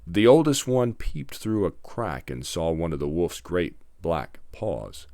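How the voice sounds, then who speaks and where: A man narrating a fairy tale in a measured, dramatic storybook reading. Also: sits low, very animated, a little mellow, no echo, studio quality.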